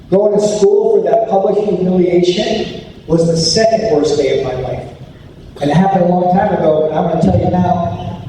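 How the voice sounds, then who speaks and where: A man with a dark, mellow voice pitched fairly high tells a personal story to a school audience. He acts out every quote as he goes. The sound is distant and roomy, with a long echo from a large hall. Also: slight background noise. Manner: animated storyteller acting out quotes. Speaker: anti-bullying speaker. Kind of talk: storytelling school assembly talk. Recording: echoey hall recorded from far off.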